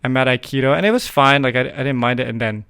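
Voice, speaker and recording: A man's voice: medium pitch, fast talker, gravelly, a bit bright, clean tone. A middle-aged man, co-hosting a casual podcast and telling a personal story, acting out the voices he remembers. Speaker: podcast co-host. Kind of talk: casual chat.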